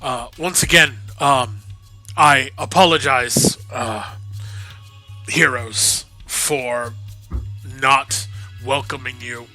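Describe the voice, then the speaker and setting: A man voicing a meek male village elder who talks in a hushed, hesitant, formal way in a tabletop game. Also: mid-range voice, extremely slow, pauses often, soft background music, heavily acted. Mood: apologetic.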